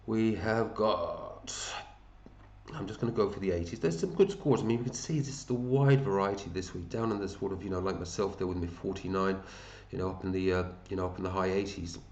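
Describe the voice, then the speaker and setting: A man's voice: low-pitched, a little fast, a little mellow, echoey room. A man hosting a fantasy football league, chatting casually and matey as he runs through scores and thinks aloud. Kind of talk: casual commentary over a screen.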